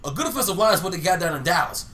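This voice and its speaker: A man co-hosting a casual sports podcast, animated and playfully argumentative. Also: high voice, racing. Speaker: podcast co-host.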